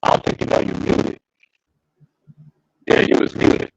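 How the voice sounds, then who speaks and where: A man on a casual voice call, slow and slangy, his voice coming through distorted and robotic. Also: dry recording. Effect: robotic distorted call audio. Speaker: guest caller. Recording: muffled robotic lo-fi call audio.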